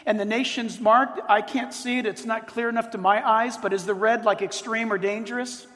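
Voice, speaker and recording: High-voiced pastor preaching in a reverberant hall. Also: male voice, moderate pace. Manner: animated storytelling, emphatic repetition. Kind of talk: sermon to a live audience.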